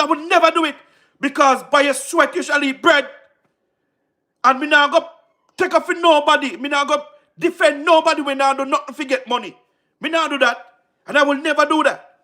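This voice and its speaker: Jamaican man, very high voice, sharp and forceful, livestream political commentary, emphatic and repetitive. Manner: emphatic and repetitive, frequent rhetorical questions, laughs between points.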